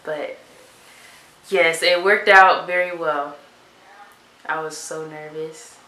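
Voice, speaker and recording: A young woman vlogger talking softly and from the heart, in a casual chat to camera. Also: low voice, steady tone, slow pace. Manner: soft-spoken and heartfelt. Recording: echoey room with faint hiss.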